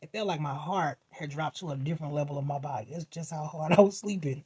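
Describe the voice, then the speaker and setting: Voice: mid-range voice, quick pace, hardly any pauses, slightly rough. A vlogger casually telling a funny dream, acting out reactions, laughing often and swearing freely. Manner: animated, acts out voices and reactions, laughs often.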